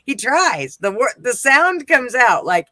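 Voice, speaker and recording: A woman's voice: on the high side, very animated, slow pace, bright, forceful tone, no echo. A woman hosting a casual live-stream chat, telling rambling stories and swearing freely. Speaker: host.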